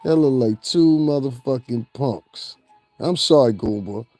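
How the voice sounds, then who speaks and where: A man's voice: medium pitch, unhurried, mellow, no echo, faint music behind. A man giving profane, mocking celebrity gossip commentary and laughing at his own jokes.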